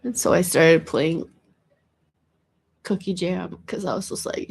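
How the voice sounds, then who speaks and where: Gravelly low-voiced woman rambling casually. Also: a little slow, pauses often. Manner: chatty, meandering, frequent restarts and repeated words. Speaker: vlogger.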